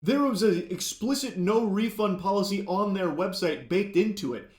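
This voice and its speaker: A man's voice: high voice, normal speed, echoey room, background noise. A man giving video commentary, indignant and sarcastic, firing off pointed questions. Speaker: YouTube commentator.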